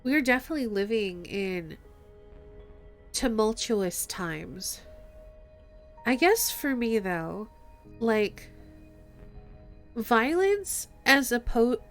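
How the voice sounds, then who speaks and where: A woman's voice: on the high side, animated, slow pace, pauses often, soft background music. Reflective woman streamer. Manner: reflective and soft-spoken, reading choices aloud. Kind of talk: casual game let's-play, reading dialogue aloud.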